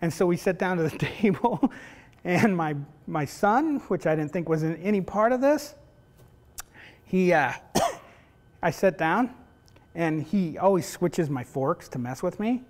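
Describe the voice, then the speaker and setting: A middle-aged man lectures a roomful of facilitators. His voice sits high for a man, and he keeps checking in with "right?" while acting out little family scenes. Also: lively intonation, measured pace, long pauses, a little mellow. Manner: conversational, keeps asking "right?", acts out family dialogue. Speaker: university professor teaching facilitators. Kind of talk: lecture with personal stories.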